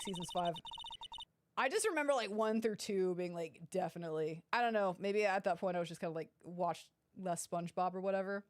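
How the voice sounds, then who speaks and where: A woman's voice: fairly low pitch, a little fast, noisy background. A woman casually commenting through a game playthrough, chatty, giggly and self-deprecating. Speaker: gaming streamer.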